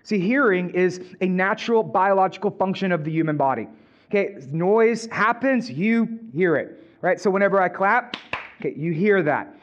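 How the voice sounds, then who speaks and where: A man's voice: high voice, moderate pace, dull audio. A male pastor preaching a sermon in a casual, conversational way, repeating and restarting phrases.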